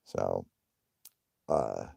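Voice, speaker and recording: A man's voice: a bass voice, lively intonation, drawn-out words, vocal fry, mellow, slightly rough, no room sound. A man hosting a live stream, chatting casually with viewers in a profane, rambling way and laughing often.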